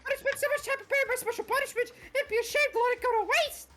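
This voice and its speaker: A man's voice: very high voice, fairly even intonation, rapid-fire, music in the background, voice pushed up. A man voicing a gleeful, sadistic male bear mascot in a mocking, sing-song way while reading game dialogue. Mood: gloating.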